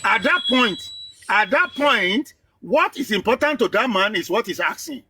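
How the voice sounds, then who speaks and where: A man's voice: high-pitched, lively intonation, moderate pace, bright, forceful tone, a little hiss or hum. A man arguing emphatically in an online live debate. He lectures and hammers home the same phrases. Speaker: debate participant.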